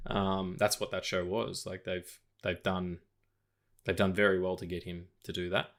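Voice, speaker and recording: A man's voice: low-pitched, little pitch movement, normal speed, a bit bright. A man co-hosting a podcast, chatting casually about film news with lots of fillers, restarts and tangents. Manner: rambling, full of fillers and tangents. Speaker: podcast co-host.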